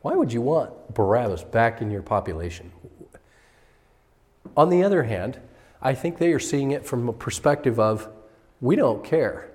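With lively intonation and frequent pauses, a male preacher gives a conversational sermon at a moderate pace in a mid-range, slightly mellow voice. He performs the lines of characters in the story, and the recording carries hall reverb.

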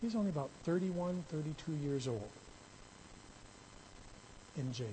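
Conversational preacher, slow and emphatic. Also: male voice, fairly high pitch, expressive, dark tone, slight background noise, rough recording. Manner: conversational, rising to emphatic bursts. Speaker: pastor. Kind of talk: sermon.

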